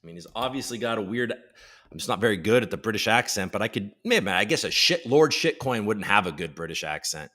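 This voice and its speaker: A man hosting a casual livestream chat, energetic and joking, swearing freely as he greets chatters by name. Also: lowish voice, a little fast. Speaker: livestream host.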